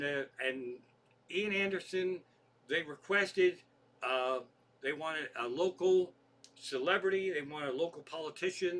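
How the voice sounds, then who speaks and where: Guy rambling thru swear-filled stories, fairly high bright voice. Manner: profane, rambling anecdotal storytelling. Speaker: comedian. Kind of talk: storytelling podcast monologue.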